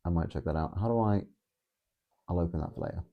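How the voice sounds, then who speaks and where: A man's voice: deep voice, fast talker, phone-quality sound. Young guy streaming, reads out chat, rambly and sarcastic, swears a lot. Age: 20s. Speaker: livestream host. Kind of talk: casual live-stream chat reading viewer comments.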